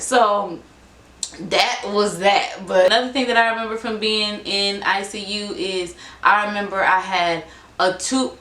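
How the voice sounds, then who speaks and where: Young woman vlogger, casual rambling storyteller, acts out quotes, echoey home room. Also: medium pitch. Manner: rambling, animated retelling with many fillers and acted-out quotes. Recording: echoey room with faint background noise.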